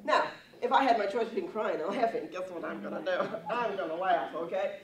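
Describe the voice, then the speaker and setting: A woman's voice: mid-range voice, brisk, crowd noise. A woman giving a humorous lecture to a live audience, telling stories and laughing often. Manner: storytelling, laughing often, playful. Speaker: speaker on stress and humor. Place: large lecture hall with audience. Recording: echoey hall, distant mic, audience noise.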